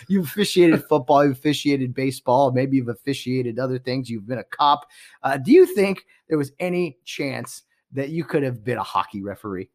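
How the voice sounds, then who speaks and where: A man's voice: medium pitch, expressive, normal speed, a little mellow. A man hosting a sports podcast in casual talk, laughing often, agreeing and asking his co-host questions.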